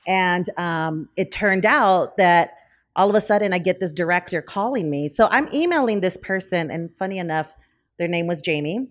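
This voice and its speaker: A woman in a casual interview, telling a story in a lively way with many fillers like um and you know. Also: fairly low pitch, normal speed. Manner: animated, acts out quoted conversations. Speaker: brewery owner and podcast guest.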